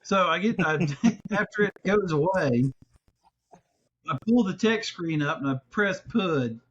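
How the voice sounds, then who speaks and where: Male podcast host, high voice, profane and animated, dull lo-fi sound. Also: measured pace. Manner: animated, swearing, laughing storyteller. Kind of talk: casual storytelling chat.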